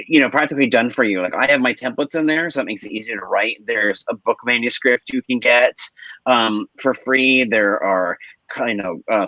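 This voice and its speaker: A man's voice: medium pitch, sharp tone, dry recording. Chatty man on a dull lo-fi line. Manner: chatty, playful, acts out quotes in voices. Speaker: podcast guest. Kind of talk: casual interview chat. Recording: dull lo-fi sound.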